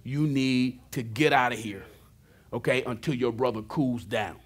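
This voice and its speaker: A man's voice: medium pitch, a little slow, voice pushed down, close to an everyday voice. A man preaching, voicing a protective, scheming mother who urgently tells her son to flee.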